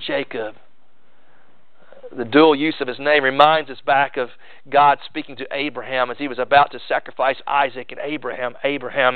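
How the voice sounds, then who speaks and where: A pastor preaching a sermon earnestly, mixing rising emphasis with conversational asides. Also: male voice, mid-range voice, clear, resonant tone, no room sound. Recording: dry tinny phone-like sound.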